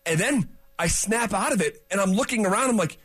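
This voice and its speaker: Male radio co-host, high husky voice, rambling storyteller, casual banter. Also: expressive, a little fast, fairly bright tone. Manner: rambling storyteller, acts out his own thoughts.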